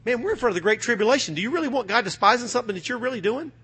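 A middle-aged man from the United States preaching a sermon, fervent, going from loud bursts to hushed asides. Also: very high-pitched, lively intonation, rapid-fire, breathy edge.

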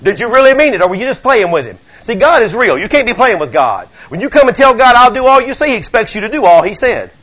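A man's voice: very high-pitched, very animated, fast talker, hardly any pauses, fairly bright tone, slightly rough, poor audio. A male preacher delivering a fiery sermon, reading scripture and firing rhetorical questions at the congregation. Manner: mixes scripture reading with folksy asides.

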